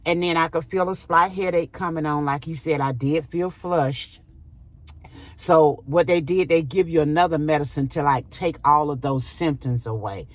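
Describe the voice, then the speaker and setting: A middle-aged woman vlogger telling a personal story in an animated way, with dramatic exclamations. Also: deep voice, moderate pace, dry recording.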